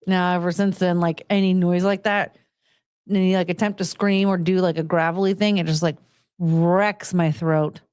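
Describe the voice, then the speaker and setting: A woman's voice: fairly low pitch, level tone, moderate pace, a little mellow, smooth, no echo. A woman in her thirties hosting a casual chat podcast, chatty and giggly, rambling with plenty of fillers. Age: 30s. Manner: giggly, chatty, frequent laughter. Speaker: podcast host.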